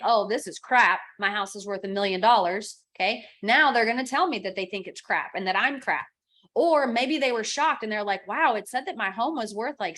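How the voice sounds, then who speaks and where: A middle-aged woman coaching real estate agents through software on a screen recording. She narrates every click in a plain mid-range voice, moving from one step to the next and now and then acting out the texts a client might send. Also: medium pitch. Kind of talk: screen-share software tutorial.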